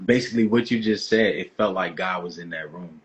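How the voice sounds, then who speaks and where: Laid-back male host, husky and low, slangy chat. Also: a little fast, poor audio. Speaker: podcast host. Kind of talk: casual interview chat.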